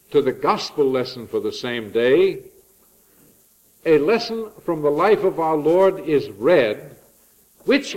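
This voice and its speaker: Learned man giving a digressive sermon. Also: highs cut off. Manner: learned, digressive, with frequent asides; lively shifts of pitch and pace for emphasis. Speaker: preacher or lecturer on the church year. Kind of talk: lecture-style sermon.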